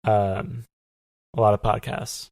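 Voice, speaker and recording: A man guest in a casual interview, talking softly with many fillers and pauses. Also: fairly low pitch, fairly even intonation, creaky, no room sound. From lives in Los Angeles. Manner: soft-spoken, lots of fillers and hesitations. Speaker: podcast guest.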